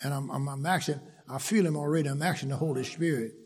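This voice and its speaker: A man's voice: a little high, steady tone, fast, husky. A man, preaching a sermon and reading scripture aloud, building to emphatic call-and-response. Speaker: pastor. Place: church sanctuary. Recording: long reverb of a large church.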